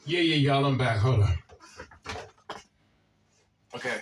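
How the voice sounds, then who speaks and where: A man with a Washington, D.C. accent talks bluntly and swears freely while he answers viewer comments, often circling back over the same words. His voice sits a bit back from the microphone at an ordinary, middle pitch. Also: expressive, takes it slowly, distant mic, a little hiss or hum. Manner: blunt, profane, repeats himself. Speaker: video host.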